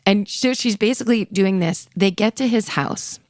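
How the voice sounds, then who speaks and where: A woman's voice: medium pitch, moderate pace, darkish tone, no echo, clean studio sound. A woman co-hosting a podcast, retelling a story in casual chat with frequent swearing and acted-out quotes. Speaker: podcast co-host.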